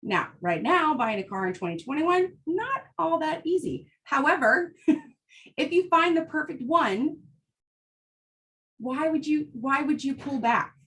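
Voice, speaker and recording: A woman's voice: high-pitched, lively intonation, unhurried, fairly bright tone. A woman giving a fired-up, blunt motivational talk, often checking in with "right?" as she goes. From United States. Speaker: host.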